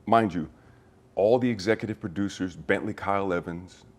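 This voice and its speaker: A middle-aged actor, a man, telling an anecdote in an interview, lively in the story and earnest when sincere. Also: low-pitched, normal speed.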